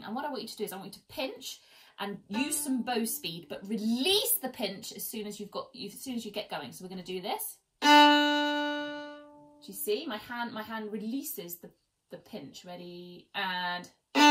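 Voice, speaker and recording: Seated at home, a woman with a medium-pitched voice gives an online violin lesson, chatting encouragingly while counting her students in. Faint violin playing sounds behind her on a rough recording.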